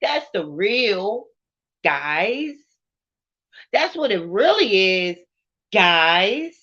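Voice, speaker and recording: A woman talking slowly and earnestly to viewers on a live stream, repeating "right?" and turning tearful. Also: mid-range voice, sing-song, a bit bright, dull audio. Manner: heartfelt, repeating "right?" and names. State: tearful, crying.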